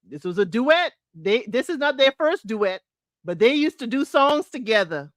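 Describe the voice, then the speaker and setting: A woman's voice: fairly high pitch, sing-song, moderate pace, no room sound, clean studio sound. A woman hosting a casual solo talk show, chatting to listeners as y'all and breaking into sung lyrics. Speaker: podcast host.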